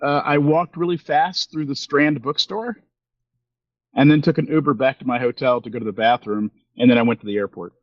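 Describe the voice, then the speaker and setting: A man's voice: mid-range voice, fairly even intonation, a little fast, no echo. A man in his fifties tells a long, wandering story as a podcast co-host, circling back with fillers and restarts. He slips into the voices of the people he quotes. The recording is dry and a little dull. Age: 50s. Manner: rambling, with many fillers and restarts, acting out quoted exchanges. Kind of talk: casual storytelling chat.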